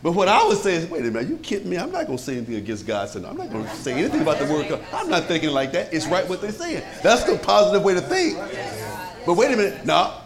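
A pastor preaching to his congregation in a lively, conversational way, with many rhetorical questions and frequent chuckles. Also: high-pitched, quick pace, a crowd in the background. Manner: chuckles often. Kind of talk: sermon.

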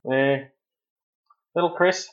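A man's voice: medium pitch, fairly even intonation, slow, muffled recording. A man chatting loosely as a guest on a comedy podcast, stammering now and then. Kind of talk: casual comedy chat.

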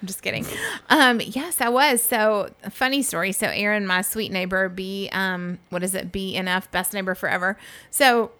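A woman with a mid-range voice co-hosts a podcast at a moderate pace, chatting casually and telling stories. She's animated, voicing the people in her anecdotes and laughing often.

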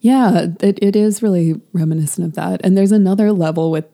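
A woman's voice: mid-range voice, a little fast, warm tone. A woman co-hosting a podcast, chatting casually about a novel with many "um"s and "like"s. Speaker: podcast co-host. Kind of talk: casual book discussion.

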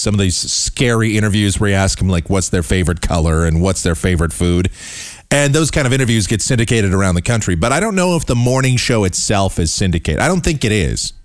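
A man hosting his own podcast, giving a scornful, animated rant about the broadcasting industry. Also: lowish voice, no echo, clean studio sound. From United States. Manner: scornful, animated, mocks voices he dislikes. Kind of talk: ranting commentary.

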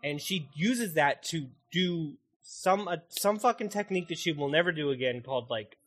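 A man hosting a casual podcast, recapping an anime in an animated, excitable way and swearing constantly. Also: fairly high pitch, normal speed, faint music behind. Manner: animated, heavily profane, excitable. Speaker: podcast host.

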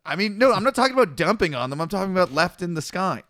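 A man's voice: sits high, sing-song, racing, fairly bright tone, no echo, studio quality. A man hosting a podcast, chatting casually, amused and laid-back, swearing freely. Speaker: podcast host. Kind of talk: casual chat.

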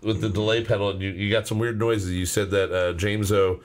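A man's voice: fairly low pitch, level tone, a little fast. A man co-hosting a casual music podcast, talking in a loose, rambling way with plenty of swearing and restarts. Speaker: podcast co-host.

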